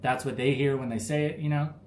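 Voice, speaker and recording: A relaxed American man talks to his live chat in an easygoing, rambling way, filling gaps with "like" and "you know." His voice sits at an ordinary pitch for a man. The room around him is echoey, with a faint background hum. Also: a little fast. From United States. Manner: laid-back, rambling, lots of fillers. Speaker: livestream host answering chat. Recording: roomy with faint ambience.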